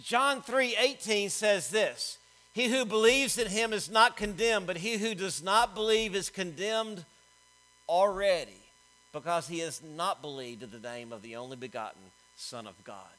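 A middle-aged man preaching a sermon, swinging between loud emphatic lines and quiet storytelling. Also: sits high, measured pace, poor audio. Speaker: pastor.

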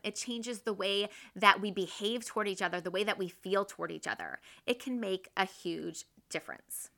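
A woman in her thirties hosting a casual, faith-based parenting talk, earnest and quick to act out her own everyday examples. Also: medium pitch, bright, forceful tone. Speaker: podcast host and mother.

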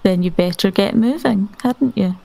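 Brief: woman player, calm and firm, gravelly voice. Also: medium pitch, moderate pace, poor audio. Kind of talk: tabletop role-play.

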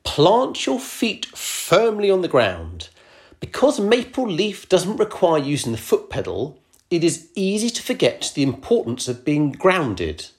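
A woman's voice: fairly low pitch, wildly swooping pitch, unhurried, a little mellow. A middle-aged woman hosting a scripted podcast, self-deprecating and prone to mock alarm. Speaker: podcast host.

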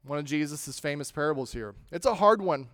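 A man preaching a sermon, leaning hard into key phrases and then dropping to a hush. His fairly high voice is smooth and clear. The recording is dry and close. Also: expressive, a little fast, dry recording. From United States. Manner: emphatic, swings between loud stress and quiet endings. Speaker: pastor.

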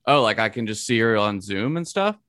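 A man's voice: fairly low pitch, expressive, a little fast, fairly bright tone, no room sound, studio quality. A man hosting a podcast, reacting with casual enthusiasm and saying "dude" and "man". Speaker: podcast host.

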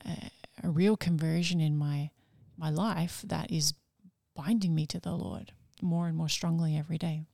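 A woman in a casual faith discussion, speaking heartfelt and reflective, pausing to search for her words. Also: low-pitched, steady tone, gravelly, mellow, no room sound, clean studio sound. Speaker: religious sister or guest.

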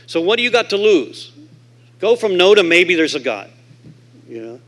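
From a convention hall stage, a man tells an audience his recovery story at a normal speed. He's an animated storyteller who acts out quoted voices, swinging from loud and emphatic to low and quiet.

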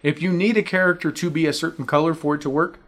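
A man with a somewhat high-pitched voice hosts a casual podcast discussion. He talks in an emphatic, opinionated way and jumps in to make his points. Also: fairly even intonation, a bit bright. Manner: opinionated, emphatic, quick to interject. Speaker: podcast host.

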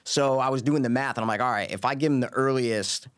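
A man's voice: mid-range voice, quick pace, no echo, clean studio sound. A man in a casual movie chat, emphatic and repetitive, swearing casually.

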